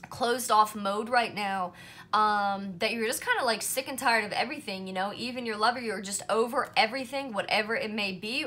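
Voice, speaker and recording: Chatty bright-voiced woman tarot reader. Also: a little high. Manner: chatty, reassuring, peppered with "right?" and "you know". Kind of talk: casual pick-a-card tarot reading to camera.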